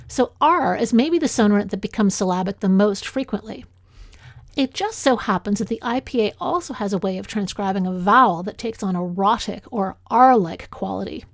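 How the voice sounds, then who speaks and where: A woman with a Canadian accent, a linguistics instructor reading a lecture in a clear, measured way, slowing down to sound out example words. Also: medium pitch, animated, no room sound, studio quality. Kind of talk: scripted lecture narration.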